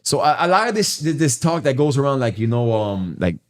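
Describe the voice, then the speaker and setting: A man from Miami telling a profane, animated story from his past in casual conversation. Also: medium pitch, fairly quick. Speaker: guest.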